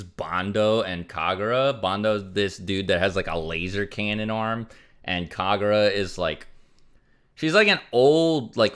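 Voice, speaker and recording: A young male streamer with a low, slightly bright voice chats casually on a livestream. He rambles, using many fillers, while reading out donations.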